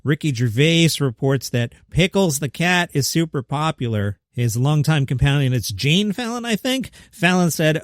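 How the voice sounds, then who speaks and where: A man hosting a comedy news podcast, delivering headlines with sarcastic, deadpan asides. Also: on the high side, moderate pace, few pauses, dry recording, studio quality. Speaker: podcast host.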